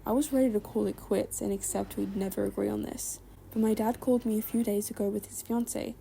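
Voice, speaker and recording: A woman reading online stories aloud in an even, conversational way, with brief asides of her own. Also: medium pitch, fairly quick, vocal fry, a little hiss or hum. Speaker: story reader.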